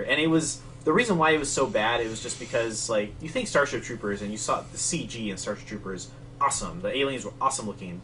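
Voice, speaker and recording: A man's voice: medium pitch, fast, sharp tone, a little hiss or hum. A man co-hosting a casual chat, rambling with many fillers. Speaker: podcast co-host. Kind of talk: casual chat between matches. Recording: distant mic with faint ambience.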